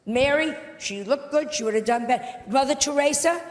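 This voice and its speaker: A woman's voice: high voice, a little fast. A woman doing a brash, mocking stand-up routine on a large theatre stage. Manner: brash, mocking, punchy delivery. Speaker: stand-up comedian. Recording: archive clip, echoey hall, loud crowd.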